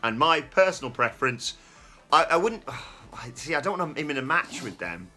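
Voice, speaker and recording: A man hosting a casual podcast chat, his voice bright and forceful. He talks in an animated way, exclaiming and laughing often. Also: mid-range voice, normal speed, faint music behind. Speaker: host.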